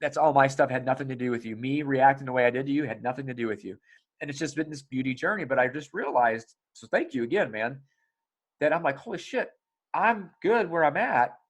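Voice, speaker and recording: A man's voice: mid-range voice, fast. A middle-aged man hosting a casual podcast conversation, telling stories animatedly and acting out dialogue in raised voices, swearing freely. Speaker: podcast host.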